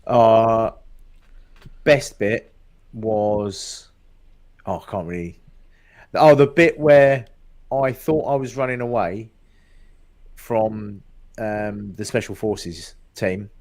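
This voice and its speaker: A man's voice: fairly low pitch, takes it slowly, pauses often, darkish tone. A man co-hosting a podcast, chatting in an easygoing way and laughing often. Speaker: podcast co-host. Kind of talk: casual chat.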